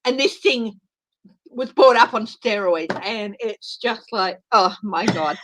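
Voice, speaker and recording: A woman hosting a casual chat, talking in an animated, chatty way. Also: mid-range voice, slow pace, no room sound, low-quality recording. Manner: animated, chatty, breaks into voices and laughter. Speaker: host.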